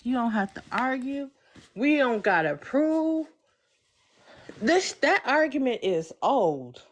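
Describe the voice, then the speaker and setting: A woman from the United States, ranting bluntly and with profanity in a heated panel talk. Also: sits high. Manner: blunt and profane, slow, emphatic. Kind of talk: heated casual rant.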